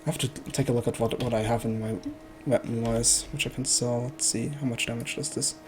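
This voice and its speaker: A man's voice: mid-range voice, fairly even intonation, fairly quick, a little mellow, soft background music. A man streaming a video game, joking and thinking aloud as he plays. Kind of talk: casual let's play commentary.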